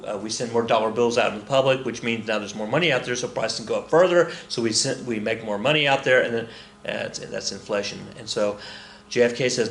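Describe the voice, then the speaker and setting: A man's voice: mid-range voice, a little fast, vocal fry, a bit bright, echoey room, a little hiss or hum. Chatty middle-aged male history teacher. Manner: chatty, joking asides, self-corrections. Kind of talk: casual recorded lesson.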